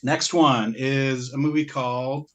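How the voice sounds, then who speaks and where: Unhurried and a bit bright, this man's mid-range voice barely moves in pitch as he co-hosts a podcast. He rambles casually about what he's bought, interrupting himself and laughing a lot.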